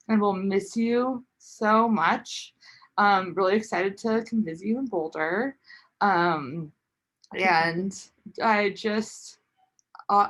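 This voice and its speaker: A teacher, a woman, giving a heartfelt, halting farewell to a student on a video call, searching for her words. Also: mid-range voice, a bit bright.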